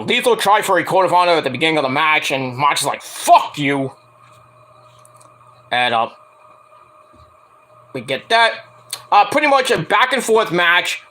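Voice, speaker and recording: A man with a slightly high, sharp-toned voice reviews a wrestling show casually. His rambling talk is packed with fillers and swearing.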